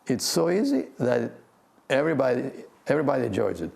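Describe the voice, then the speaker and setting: An older man, a physics professor, gives a gentle, playful guided talk on breath meditation and laughs often. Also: medium pitch, sing-song, a little fast, gravelly. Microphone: video talk to a remote audience.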